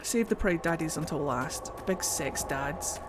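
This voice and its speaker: A woman streamer talking casually over a game, excitable and given to swearing. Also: low-pitched, measured pace, very noisy. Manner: excitable, swears and laughs a lot. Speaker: gaming streamer. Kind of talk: casual let's-play commentary.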